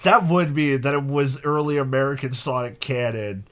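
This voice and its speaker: A man's voice: mid-range voice, moderate pace, fairly bright tone. Man explaining odd facts on a podcast. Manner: explanatory, relaying odd facts with dry amusement. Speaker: podcast co-host presenting research. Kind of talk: casual podcast chat.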